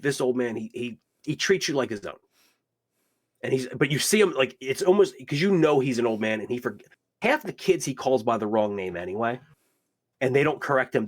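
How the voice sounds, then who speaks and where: A man narrating as game master, rambling and full of fillers. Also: medium pitch.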